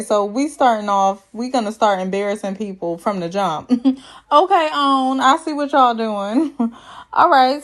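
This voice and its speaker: A chatty woman with a fairly high voice runs a casual recap of a reality dating show. She is sassy and playful, laughs at her own jokes and slips into put-on voices to quote people.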